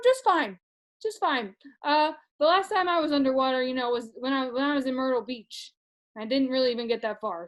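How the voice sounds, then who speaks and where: A woman's voice: high-pitched, close to an everyday voice. A woman playing a nervous, rambling middle-aged dad who reviews movies in a comedy sketch, stammering through constant fillers. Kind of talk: comic sketch monologue.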